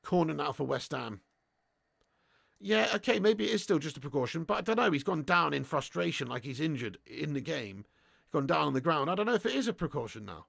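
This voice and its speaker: British lad hosting a footy watch-along: high voice, gravelly, cheeky and sweary, dry close mic. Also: male voice, fairly quick, no echo. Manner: sweary, excitable, chatty with viewers, laughs often. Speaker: football fan streamer hosting a watch-along. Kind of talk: live football watch-along commentary.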